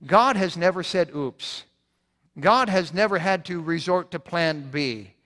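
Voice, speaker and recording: Pastor guy preaching, earnest, repeats himself, kinda high voice, big echoey church. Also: animated, a little slow, pushed and bright. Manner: earnest preaching with repeated emphasis and frequent restarts. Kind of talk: sermon. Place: church sanctuary. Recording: long church reverb.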